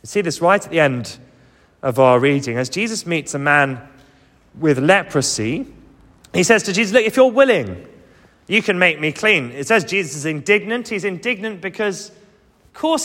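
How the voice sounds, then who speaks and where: A man's voice: a little high, expressive, normal speed, a bit bright, big-room sound. A man preaching a sermon, earnest and emphatic, coming back to key phrases again and again.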